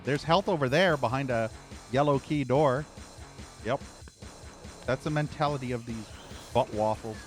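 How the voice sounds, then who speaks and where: A male streamer talks over his gameplay in a mid-range voice, swearing and ranting as enemies attack from all sides. Loud game music, gunfire and explosions play behind him. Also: mid-range voice, animated, normal speed, pauses often. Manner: profane, frustrated ranting. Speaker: streamer playing a shooter game. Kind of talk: live gameplay commentary.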